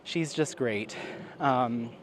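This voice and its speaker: Male vlogger, mid-pitched, chatty and giggly, rambles with fillers. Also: extremely slow, a little hiss or hum. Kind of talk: casual chat to camera.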